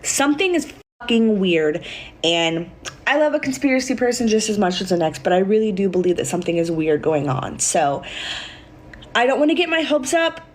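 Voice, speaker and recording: A woman's voice: medium pitch, lively intonation, moderate pace. A woman talking casually and uneasily, as if confiding her suspicions.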